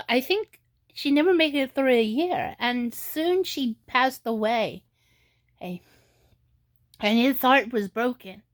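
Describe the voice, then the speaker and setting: A woman vlogger giving casual commentary, halting with many restarts and fillers, at times tearful. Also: on the high side. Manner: tearful and emotional in places.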